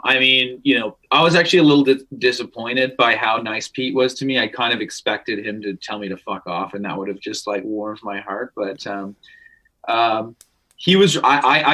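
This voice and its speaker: A man's voice: mid-range voice, fairly bright tone, poor audio. A man in his thirties from Canada, a musician guest telling stories in casual chat, rambling with many restarts and freely swearing.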